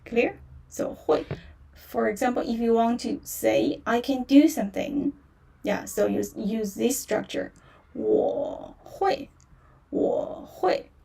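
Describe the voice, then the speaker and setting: Woman teacher, very slow and lively, gravelly dark tone, a bit off mic. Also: a little high, recorded from a distance. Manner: slow, patient, repeats words with tones, frequent fillers. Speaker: Mandarin teacher. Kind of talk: livestreamed language lesson.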